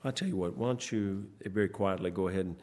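A man, a pastor leading church service announcements in a rambling, folksy way, pausing often. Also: low voice, dark tone. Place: church sanctuary. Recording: long church hall reverb, faint noise.

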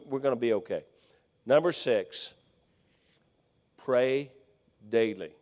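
A middle-aged man preaching a folksy sermon, swinging between loud exhortation and hushed storytelling. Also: fairly low pitch. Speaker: pastor. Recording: long hall reverb.

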